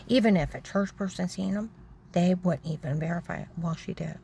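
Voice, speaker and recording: Low-pitched woman ranting on and on, keeps repeating herself, faint noise in the back. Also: a little fast, vocal fry, poor audio. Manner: agitated, repetitive, acts out other people's shouting. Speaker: storyteller recounting personal grievances. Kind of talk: rambling personal monologue.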